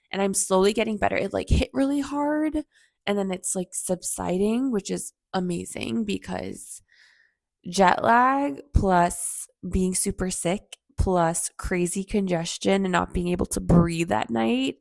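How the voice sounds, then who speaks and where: A young woman hosting her own podcast, speaking in a hoarse, husky voice from a recent cold. She talks in a chatty, reflective way, with plenty of fillers. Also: mid-range voice, takes it slowly, a little mellow, no echo, studio quality. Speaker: podcast host. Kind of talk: casual solo podcast talk. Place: home in Austin.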